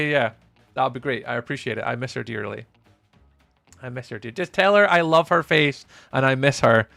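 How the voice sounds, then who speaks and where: A young man chatting casually with viewers while live streaming, playful and often trailing off into a softer voice. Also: medium pitch, sing-song, a little fast, creaky, no room sound, faint music behind.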